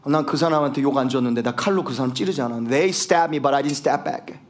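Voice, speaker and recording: A man preaching a sermon as pastor, switching between English and Korean and growing fired up, rising to shouts for emphasis. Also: mid-range voice, racing. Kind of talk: bilingual sermon.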